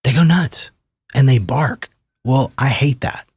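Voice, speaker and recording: A man in his fifties, a therapist and author, talks as a guest on an interview podcast in a calm, measured way. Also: medium pitch, slightly rough, no room sound.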